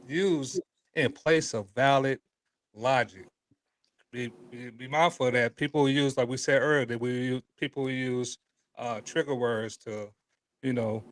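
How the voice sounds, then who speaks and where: A man hosting a casual panel talk show, reading viewer comments and often restarting his sentences. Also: medium pitch. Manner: halting, restarts often, chuckles between points. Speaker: show host.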